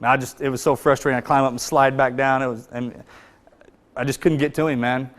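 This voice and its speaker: A man telling a personal combat story in plain, earnest speech, his voice often sinking low and quiet. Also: level tone, fairly quick. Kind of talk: spoken personal account to an audience.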